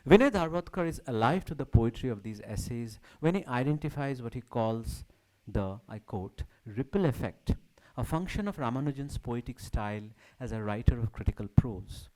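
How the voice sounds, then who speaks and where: Man reading a lively academic talk. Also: medium pitch, rough recording. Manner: measured, declamatory delivery with shifting emphasis. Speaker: academic speaker. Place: symposium hall.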